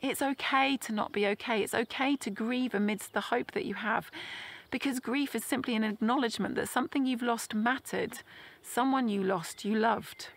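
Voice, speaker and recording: Earnest woman preaching gently. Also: fairly high pitch, vocal fry. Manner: gentle, earnest, slows down on key phrases. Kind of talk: sermon.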